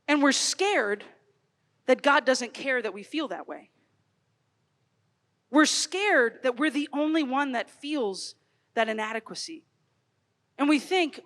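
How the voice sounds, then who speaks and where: A woman in her thirties speaks to young people in a storytelling way, building up loud and then dropping to a hush. Her voice sits high, and a long reverb trails behind her from a large hall. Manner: expressive, storytelling, swings from loud to hushed. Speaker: speaker at youth conference. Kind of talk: animated Catholic youth talk.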